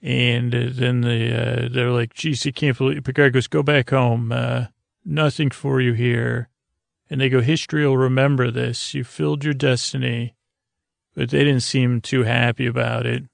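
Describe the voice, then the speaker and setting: Flat gravelly man rambling a recap. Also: medium pitch, moderate pace, no echo. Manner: rambling, full of uh and "he goes" asides. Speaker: podcast host recapping an episode. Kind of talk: casual, drowsy recap.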